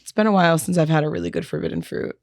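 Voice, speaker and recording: A woman's voice: lowish voice, very fast, vocal fry, no room sound, clean studio sound. A young woman co-hosting a podcast in a laid-back casual chat, laughing often and using many fillers. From New York area. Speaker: podcast co-host.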